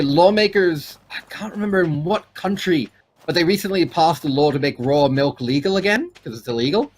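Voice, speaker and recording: A man co-hosting a casual gameplay chat, animated and quick to swear, with sudden jumps in pitch when excited. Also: slightly rough. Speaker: gaming co-host.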